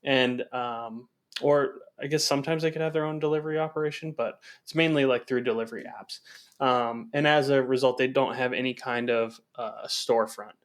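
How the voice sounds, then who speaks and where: A man's voice: mid-range voice, fairly even intonation, moderate pace. A man co-hosting a podcast in casual chat, laid-back, swearing freely and filling his talk with "um" and "like". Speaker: podcast co-host.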